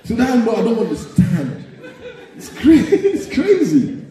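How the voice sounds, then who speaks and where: A Nigerian man with a Nigerian accent performing animated live stand-up comedy. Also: very high voice, a little slow, background noise. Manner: animated, storytelling. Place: live venue hall. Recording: echoey live hall, distant mic.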